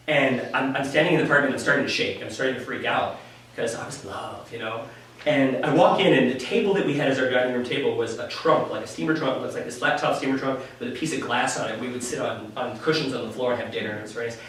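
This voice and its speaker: A man telling a personal story at a live story slam, candid and animated, laughing often. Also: medium pitch, quick pace, slight background noise. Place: live venue stage. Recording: echoey room from a distant mic.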